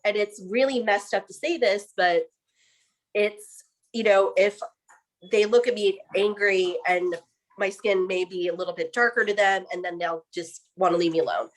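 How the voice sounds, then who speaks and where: A woman's voice: mid-range voice, moderate pace. A woman speaking as a guest in a casual discussion, earnest and reflective.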